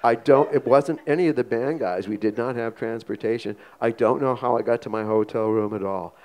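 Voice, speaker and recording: An older man telling a comic anecdote on stage in a small theater, animated and acting out the voices. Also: medium pitch, a little fast. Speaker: guest storyteller. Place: small museum theater before an audience.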